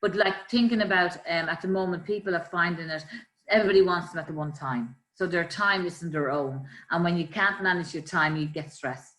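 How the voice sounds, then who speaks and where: A woman, a life coach, calmly explaining ways to manage stress with everyday examples. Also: fairly low pitch, brisk. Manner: calm, explanatory, gives examples. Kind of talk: conversational coaching talk. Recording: roomy echo.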